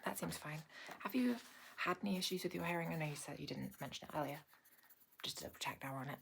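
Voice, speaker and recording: A woman with a low voice performs a whispered role-play as a doctor, close to a sensitive microphone. She talks softly and unhurriedly, pausing with gentle "um"s. A faint hiss sits under her voice. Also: vocal fry. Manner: soft-spoken and unhurried, with frequent hesitant "um"s. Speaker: ASMR creator playing a doctor. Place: small indoor home filming room.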